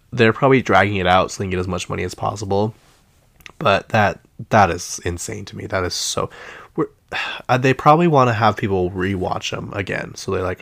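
Man with a Utah accent, lowish voice, casual rambling host. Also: brisk, gravelly. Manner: chatty, exasperated, lots of fillers. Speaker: podcast host. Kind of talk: casual pop-culture chat.

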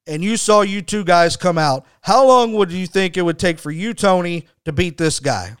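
A man's voice: sits high, animated, normal speed, smooth, no room sound, clean studio sound. A man voicing a furious male wrestling promoter who scolds a wrestler coldly. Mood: scolding. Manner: cold scolding.

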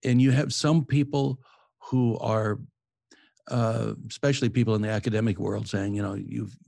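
A man's voice: fairly low pitch, steady tone, normal speed, vocal fry, dark tone, no echo. A man hosting an interview, speaking in an affirming, reflective way to his guest. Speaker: podcast host. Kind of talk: interview conversation. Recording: dry close sound.

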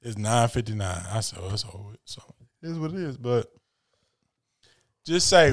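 This male podcast co-host chats casually about sneakers at a normal speed, his mid-range voice broken by long pauses. He's animated, using slang and laughing frequently as he tells stories.

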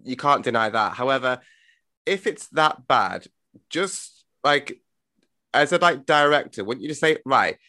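A man's voice: medium pitch, lively intonation, unhurried, pushed and bright, no echo. A man co-hosting a casual film review chat, emphatic and blunt, fond of repeated rhetorical questions. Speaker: podcast co-host.

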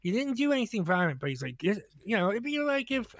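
A man's voice: sits high, very animated, fast talker, dry recording, studio quality. A man on a podcast, telling a rambling, profane story in casual chat, full of restarts.

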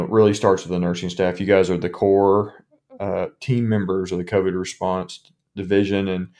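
Male physician host, lowish voice, friendly and relaxed. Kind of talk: interview hosting.

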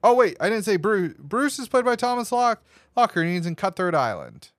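A man's voice: high-pitched, very animated, fairly quick, fairly bright tone, no room sound, studio quality. A man hosting a casual movie podcast, rambling through his notes with lots of fillers and restarts. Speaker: podcast host.

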